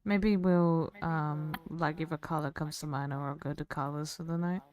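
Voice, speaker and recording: A woman playing a tabletop game, chatty and excitable. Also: low voice, normal speed, lo-fi sound. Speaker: player. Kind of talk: casual tabletop play.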